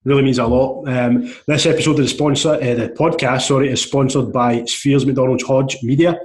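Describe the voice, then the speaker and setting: A man hosts a podcast over a video call in a friendly, chatty way. He laughs easily as he runs through the housekeeping and brings in his guest. His voice sits at an ordinary, mid-range pitch. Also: fairly even intonation, normal speed. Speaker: podcast host. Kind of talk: casual chat.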